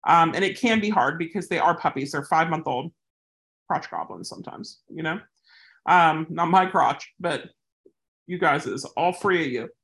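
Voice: normal speed, a bit bright. Chatty dog trainer telling training stories. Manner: chatty, acts out quoted people with big pitch jumps. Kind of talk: casual training instruction with anecdotes.

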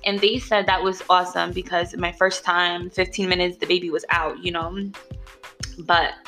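A woman's voice: on the low side, creaky, sharp tone. A young woman casually telling her birth story, chatty and blunt, full of slang and "like".

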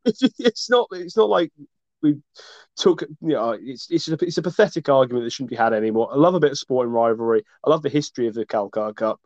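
A man's voice: medium pitch, expressive, fast talker, dry recording. A man co-hosting a casual sports chat, talking with passion and swearing freely. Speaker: podcast co-host. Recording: dull lo-fi dry recording.

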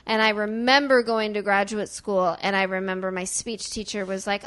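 A woman from small-town Illinois talking about acting in a casual conversation, emphatic and full of "like"s. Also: mid-range voice. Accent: southern Illinois, softened by accent training. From small-town Illinois, US Midwest. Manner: animated, emphatic, rapid run-on talk with many "like"s. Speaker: actor and guest.

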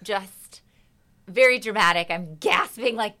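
A woman's voice: mid-range voice, unhurried, sharp tone. A woman, a singer, chatting as a guest in an interview and acting out her own reactions as she tells a story. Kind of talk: casual interview chat.

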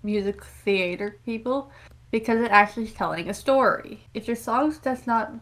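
A woman's voice: a little high, moderate pace, fairly bright tone. Hesitant woman on a music podcast. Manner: hesitant, restarts, apologetic. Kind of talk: casual album-review chat.

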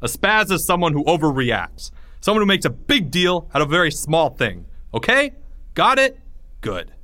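A man's voice: a little high, very animated, normal speed, sharp tone, voice pushed up. A man voicing a stern male schoolteacher who barks firm orders. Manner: barking, firm.

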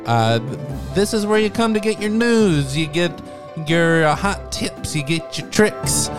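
A man's voice: a little high, animated, a little slow, over music. A man hosting a podcast in a casual, playful, rambling chat. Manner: playful, rambling, self-aware. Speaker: podcast host.

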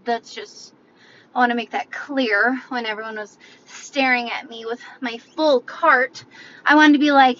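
High, bright-voiced woman telling a story. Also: unhurried, dull audio, a little hiss or hum. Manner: animated, self-mocking, laughs often. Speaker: vlogger. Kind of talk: casual storytelling to viewers.

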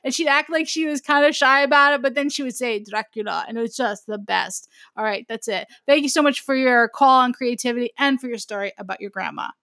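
A woman with a high, bright voice tells a family story in a chatty way, laughing as she goes. Her voice is crisp and sits close on a dry recording. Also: fairly quick, few pauses, no echo. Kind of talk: casual chat.

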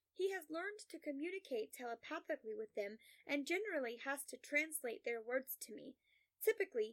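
High-voiced woman reading a story. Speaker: narrator. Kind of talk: first-person story reading.

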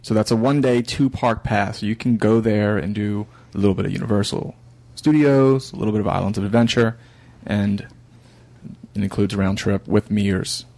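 A man's voice: lowish voice, moderate pace, creaky, a little mellow. A man on a podcast explaining travel options in a matter-of-fact, informative way. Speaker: podcast regular giving travel info. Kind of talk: casual explanation.

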